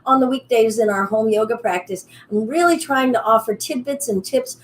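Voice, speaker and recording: A woman teaching a live online yoga class at home. She guides in a calm, soothing way, then turns upbeat and playful as she chats with her students. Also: fairly high pitch, moderate pace, poor audio. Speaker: yoga instructor.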